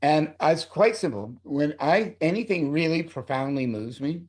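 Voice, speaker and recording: A man's voice: a little high, animated, normal speed, a little mellow. A middle-aged man, a screenwriter being interviewed, talking in a heated, profane, rambling way. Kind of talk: casual interview talk.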